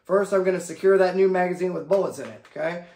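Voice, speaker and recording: Guy with a high voice teaching gun handling, drill-like, keeps saying okay, echoey sound. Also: fast talker, darkish tone. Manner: drill-like, repeats "okay?" and key phrases. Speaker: firearms instructor. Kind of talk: instructional demonstration.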